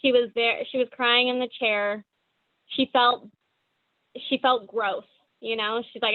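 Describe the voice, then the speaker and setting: A woman's voice: a little high, fairly even intonation, a little slow, long pauses, no echo. A woman dental hygienist telling a patient story earnestly in a casual interview over a video call. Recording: dry tinny phone-like audio.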